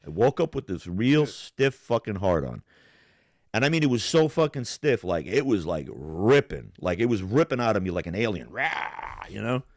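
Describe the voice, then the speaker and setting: A young man with a low voice tells his story in a loose, rambling way and swears often. The sound is dry and close, with no echo. He talks like he is chatting with a friend during a live stream. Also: very animated, normal speed, darkish tone. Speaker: podcast co-host. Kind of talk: casual live-stream chat.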